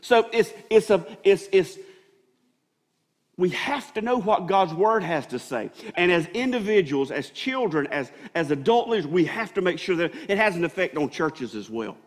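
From the pulpit, a pastor delivers a sermon in a high, ringing, expressive voice at a moderate pace. He repeats and restarts phrases as his emphasis rises toward his point, and his words trail into the sanctuary's long reverb.

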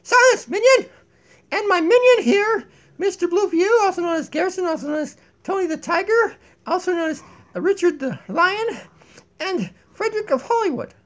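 Man voicing a female donkey puppet, very high squeaky voice, bossy, vain, grandiose, giggly, tablet mic in a kitchen. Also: lively intonation, moderate pace, a bit bright. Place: home kitchen. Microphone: tablet built-in mic.

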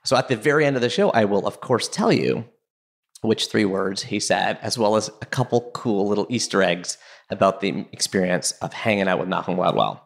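A man from Canada hosting a podcast, telling a nervous story in an excitable, chatty way full of fillers. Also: fairly low pitch, a little fast, vocal fry. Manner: excitable, chatty, self-deprecating, many fillers. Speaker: podcast host. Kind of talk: casual storytelling intro.

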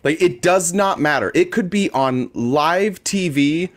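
A man's voice: fairly high pitch, a little slow. Sarcastic man riffing on politics. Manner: sarcastic, swears freely, mocking impressions. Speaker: co-host. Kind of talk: casual political commentary.

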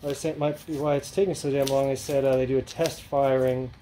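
A man's voice: medium pitch, level tone, brisk, mellow, a little hiss or hum, low-quality recording. A man hosting his own channel, talking casually and rambling through an unboxing with lots of fillers and restarts. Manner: rambling, filler-heavy, offhand. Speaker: channel host.

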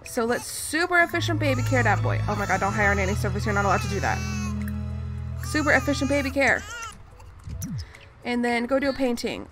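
A woman hosting a gaming channel, giving casual gameplay commentary in a chatty, mock-exasperated way and scolding the characters on screen. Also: on the high side. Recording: voice over clear background music. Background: background music.

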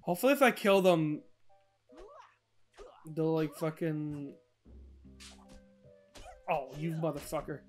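A man playing a video game and chatting casually, excitable, swearing and shouting when he wins. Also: a little high, slow pace, pauses often, soft background music. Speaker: gamer playing on a channel. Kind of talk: casual gaming chat.

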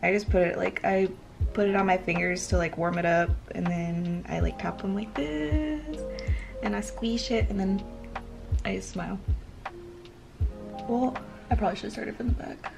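A woman with a Southern American accent chats away casually at home as she gets ready, swearing freely and wandering between thoughts. Her voice carries a gravelly, fry-tinged texture, and music plays clearly underneath her. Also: mid-range voice, normal speed, pauses often. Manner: chatty, swearing, rambling with fillers. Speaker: vlogger. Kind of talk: casual chat.

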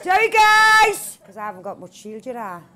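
A woman chatting while she plays a game with friends, excitable, swearing a lot and yelling at the screen. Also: sits high, moderate pace. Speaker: gamer playing with friends.

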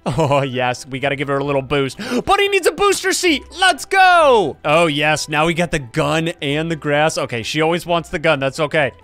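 A man giving excitable let's-play commentary as a gaming channel host, laughing often and trash-talking other players. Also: fairly high pitch, moderate pace, hardly any pauses, soft background music.

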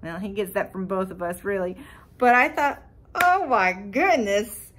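Woman podcast host, mid-range pitch, animated and heartfelt faith storyteller. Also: normal speed. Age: adult parent. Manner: animated, emotional, talks to listeners directly.

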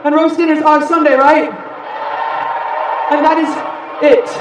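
An American woman singer on stage, talking playfully to a concert crowd and shouting out to them. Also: high voice, flat delivery, a little slow, heavy background noise. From United States. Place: large live concert venue. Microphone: stage mic through the PA. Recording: echoey live concert audio from far off. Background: loud cheering crowd.

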